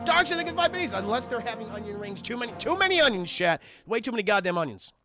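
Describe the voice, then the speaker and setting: A man's voice: high-pitched, big pitch swings, quick pace, music in the background. A young man streaming a film review in casual chat, rambling and profane, and often talking to his chat.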